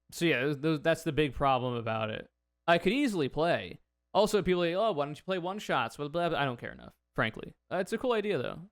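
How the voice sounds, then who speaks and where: A man's voice: mid-range voice, fairly bright tone, clear, resonant tone, dry recording, studio quality. A young man hosting a casual viewer Q&A, talking in a blunt, laid-back way with frequent swearing and rambling asides. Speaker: YouTuber answering viewer questions. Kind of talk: casual Q&A monologue.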